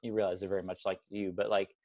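Young guy, low voice, rambles and restarts a lot on a movie podcast. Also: little pitch movement, fast talker, darkish tone. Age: 20s. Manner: rambling, self-correcting, chatty. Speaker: podcast co-host. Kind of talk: casual movie podcast chat.

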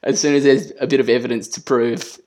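A young Australian man co-hosting a casual podcast, telling a childhood story in a relaxed, easygoing way. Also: mid-range voice, brisk. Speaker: podcast co-host.

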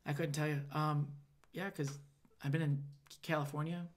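A man from Michigan, a stand-up comedian, telling stories in a casual podcast chat with animated, profane delivery. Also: a little high, moderate pace. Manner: animated, profane, laughing storyteller.

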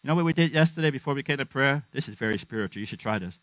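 In church, a middle-aged man preaches as pastor at rapid-fire speed, his mid-range, slightly bright voice lively in intonation. He's funny and chatty, regularly questioning the congregation, and the dry, dull, somewhat lo-fi recording carries mains hum.

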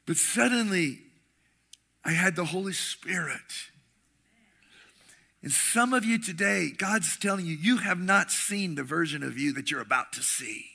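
A middle-aged man preaching a sermon with passion, swinging between shouting and hushed tones. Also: sits high, lively intonation, measured pace, vocal fry, husky. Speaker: pastor.

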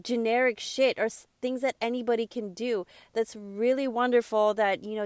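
A woman's voice: on the high side, dry recording, clean studio sound. A young adult woman delivering an impassioned motivational monologue as a self-help speaker, emphatic and preachy, swearing freely.

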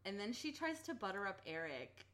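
A young woman hosting a casual TV recap, chatty and animated, laughing often and swearing freely. Her voice sits at a middle pitch, with speech full of "like" and quick asides. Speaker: podcast co-host.

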